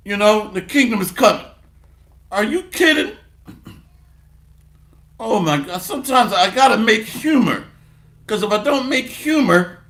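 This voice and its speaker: A man preaching a sermon, sarcastic and full of repeated refrains, shifting from low muttering to loud bursts and reading scripture aloud. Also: roomy sound.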